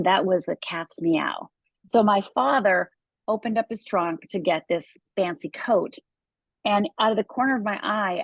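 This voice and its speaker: A woman's voice: mid-range voice, vocal fry, no echo. Earnest woman telling a personal story. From Upper Michigan, USA. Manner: earnest, vivid storyteller with emphatic repetitions. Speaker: guest, life coach. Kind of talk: personal storytelling in a podcast interview.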